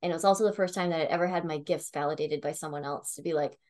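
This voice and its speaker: A woman's voice: sits low, rapid-fire, few pauses, a little mellow. A young woman telling a personal story in a casual, chatty way, full of "like" and "um", with the odd swear. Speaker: tarot reader.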